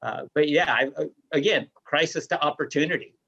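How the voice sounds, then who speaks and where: A man, a guest on the show, chatting in a relaxed, self-mocking way. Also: on the high side, fairly quick, gravelly. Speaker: guest performer. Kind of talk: casual conversation. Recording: dull lo-fi remote audio.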